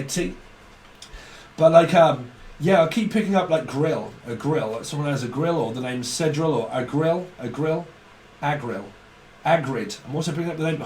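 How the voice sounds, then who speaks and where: A man's voice: a little high, darkish tone, echoey room, far from the mic, a little hiss or hum. A man giving a rambling, profane tarot reading, laughing often as he talks. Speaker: tarot reader.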